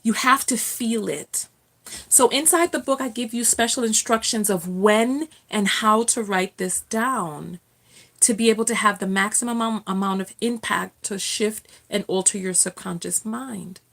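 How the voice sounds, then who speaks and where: A woman's voice: mid-range voice, unhurried, creaky, a bit bright. A woman hosting a casual live stream from home, chatting with viewers, reading their comments aloud and laughing often.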